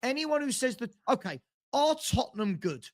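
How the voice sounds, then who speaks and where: Insistent high-voiced man pressing a point. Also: big pitch swings, moderate pace. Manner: insistent, pressing the same question. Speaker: football fan debating on a show. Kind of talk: heated debate.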